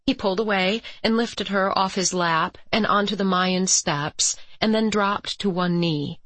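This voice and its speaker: A woman reading a romance audiobook as its narrator, with measured, even storytelling. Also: mid-range voice, no echo. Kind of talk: scripted narration.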